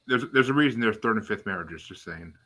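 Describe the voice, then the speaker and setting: A man's voice: on the low side, expressive, quick pace, bright, forceful tone, slightly rough. A man hosting a casual podcast, reading out bracket matchups with swearing and dry asides. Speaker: podcast host.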